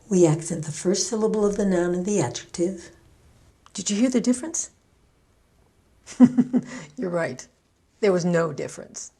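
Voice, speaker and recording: A woman with a Canadian accent coaching English pronunciation, speaking slowly and deliberately, with light laughs and words repeated to model their stress. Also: fairly low pitch, expressive, mellow, slightly rough. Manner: light laughs between points. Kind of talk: scripted teaching monologue.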